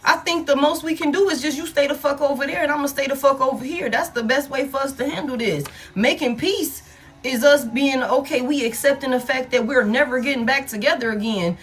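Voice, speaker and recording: A woman's voice: high voice, fairly quick, a bit bright. A woman giving a casual tarot reading, blunt and profane, repeating key lines for emphasis and laughing often. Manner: laughs often between remarks. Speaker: tarot reader.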